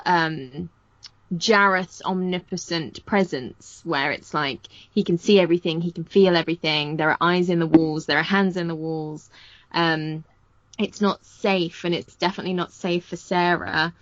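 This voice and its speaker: A woman co-hosting a film podcast, speaking in a measured, musing way as she searches for words. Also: fairly low pitch, fairly even intonation, no room sound, dull audio. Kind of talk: casual chat.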